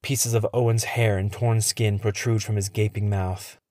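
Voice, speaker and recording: A man telling a first-person horror story in a steady, tense narration. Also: fairly low pitch, moderate pace, no echo, clean studio sound.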